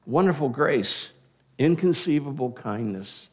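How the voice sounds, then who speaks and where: A man's voice: mid-range voice, lively intonation, measured pace. Conversational male pastor preaching a sermon. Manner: conversational, with frequent restarts and asides.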